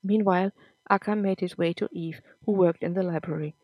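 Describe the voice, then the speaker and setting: A woman reading a serialized story aloud for her podcast in a steady, plain manner. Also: fairly low pitch, a little fast, no echo, lo-fi sound. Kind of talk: scripted story narration.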